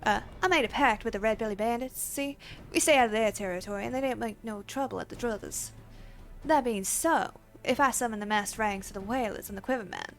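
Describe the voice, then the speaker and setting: A woman's voice: mid-range voice, close to an everyday voice. A woman voicing a folksy Southern-accented woman in a video game, drawling as she reads the lines aloud. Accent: American Southern, put on.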